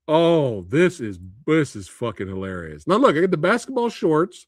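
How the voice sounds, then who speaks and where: Animated laughing livestream host, a man. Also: fairly high pitch, normal speed, few pauses, dry recording, clean studio sound. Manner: animated, laughing, swears freely. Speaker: movie review livestream host. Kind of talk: casual livestream chat.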